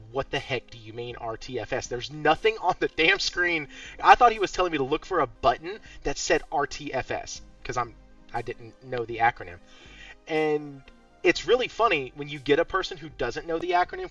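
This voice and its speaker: A man's voice: medium pitch, sing-song, a little fast, a bit bright, recorded from a distance, muffled recording, soft background music. A man hosting a casual gaming podcast, laughing often and swearing casually while he tells stories. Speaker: podcast host. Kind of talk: casual chat.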